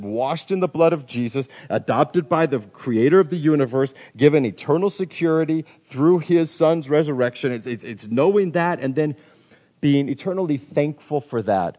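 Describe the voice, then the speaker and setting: A man's voice: on the high side, warm tone, long reverb tail. A man preaching a sermon in an earnest way, often repeating words as he builds emphasis. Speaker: pastor.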